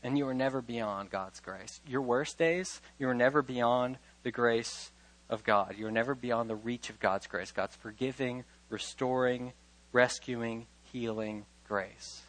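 A man preaching a sermon, emphatic, rising to loud stresses and then dropping to a low, quiet voice. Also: unhurried, rough recording. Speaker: pastor.

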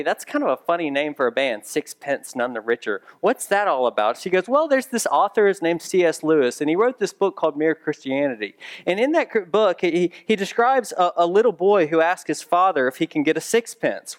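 A man's voice: on the high side, clear, resonant tone. A man preaching a sermon as pastor, conversational with dry humorous asides, building to emphatic raised repetitions.

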